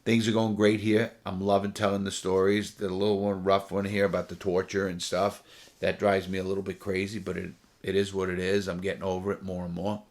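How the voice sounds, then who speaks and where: A man's voice: low voice, flat delivery, fairly quick. A man, a former prisoner, casually telling his own story to camera, rambling and repeating phrases for emphasis.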